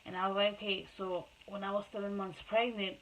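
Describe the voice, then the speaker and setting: A woman's voice: medium pitch, level tone, fairly quick, highs cut off, a little hiss or hum. A woman and mother telling her own life story to camera in a casual, rambling way, repeating herself and restarting often. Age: adult mother.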